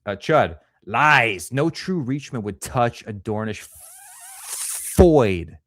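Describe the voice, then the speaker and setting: A man's voice: medium pitch, lively intonation, slow pace, fairly bright tone. A man co-hosting a casual livestream, reading chat comments aloud and joking crudely. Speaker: podcast co-host.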